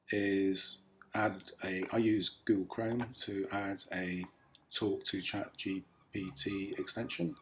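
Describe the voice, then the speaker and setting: A man's voice: fairly low pitch, fairly bright tone, a little hiss or hum. A man casually explaining a language practice tool on screen, hesitant with many ums.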